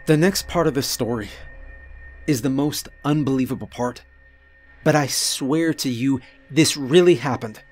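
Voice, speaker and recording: A man narrating a first-person horror story in a deliberate, earnest manner with dramatic pauses. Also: mid-range voice.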